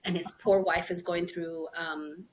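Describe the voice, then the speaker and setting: A woman's voice: fairly low pitch, flat delivery, a little slow. A woman hosting a podcast in casual chat, laughing often and acting out conversations. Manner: chatty, laughs often, acts out quoted dialogue. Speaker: podcast host.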